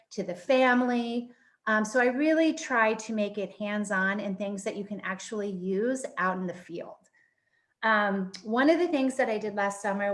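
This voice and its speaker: A woman's voice: mid-range voice, a bit bright. A middle-aged woman professor presenting in a webinar over a video call, enthusiastic and peppered with um fillers.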